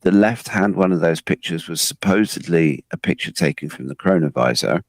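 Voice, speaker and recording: A man with a very low, gravelly voice talks through notes in a casual podcast. He hesitates often and restarts his sentences. The sound is dry and close, with no room around it. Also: animated, moderate pace, no room sound. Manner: hesitant, many ums and restarts. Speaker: co-host presenting research.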